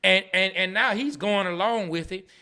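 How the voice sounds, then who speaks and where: A man from Atlanta, co-hosting a casual sports and culture podcast, laughing often and repeating words when excited. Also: sits high, normal speed, smooth. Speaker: podcast co-host.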